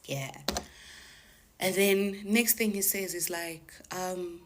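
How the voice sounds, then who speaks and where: A woman with a low-pitched voice tells a story in a chatty vlog monologue. She retells it with animation, acting out what each caller said. Her delivery is loose and conversational. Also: fairly even intonation, slow pace, long pauses, a little hiss or hum. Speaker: TikTok storyteller.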